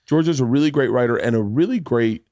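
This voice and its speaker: A man in his forties hosting a podcast, telling family stories in casual chat, swearing freely and animated. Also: medium pitch, quick pace, no room sound. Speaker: podcast host. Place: podcast studio.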